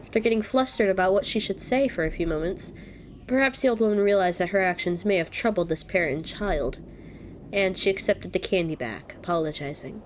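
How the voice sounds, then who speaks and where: A young woman reading a visual novel aloud as a let's-play host, breaking off with loud reactions. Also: mid-range voice, brisk, slight background noise. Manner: expressive, reacts loudly.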